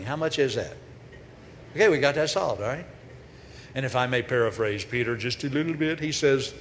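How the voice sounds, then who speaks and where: A man giving a humorous, storytelling sermon as a preacher, with sudden loud bursts. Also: medium pitch, fairly quick. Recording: echoey hall with faint noise.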